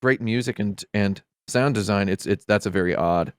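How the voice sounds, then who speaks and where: A man on a podcast panel in casual chat, wry and opinionated, given to sudden loud impressions. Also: fairly low pitch, moderate pace, smooth, no room sound, studio quality.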